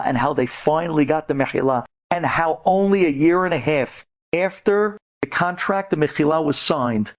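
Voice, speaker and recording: Dramatic rabbi telling a moral story. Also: male voice. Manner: dramatic, swings into high, loud emphatic bursts. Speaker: rabbi giving a lecture to women. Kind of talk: inspirational storytelling lecture.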